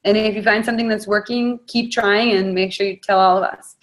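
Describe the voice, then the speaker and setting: A woman leads a motivational talk over a video call, blunt and frank with plenty of fire behind it. She speaks at an ordinary, middle pitch and coaches her team straight. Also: steady tone, brisk. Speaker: network marketing leader.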